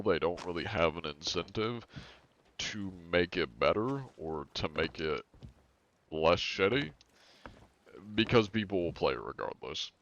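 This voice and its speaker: Low-voiced man streaming casually. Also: muffled recording, a little hiss or hum. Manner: rambling, laid-back, chuckling asides. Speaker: game streamer. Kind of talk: casual live-stream chat.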